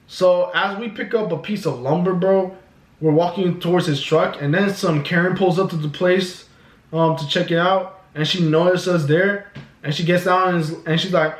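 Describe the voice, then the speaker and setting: A man's voice: sits high, normal speed. A man telling a story in a casual, profane, filler-heavy way, filmed at home. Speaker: vlogger. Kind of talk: storytime vlog. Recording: echoey room.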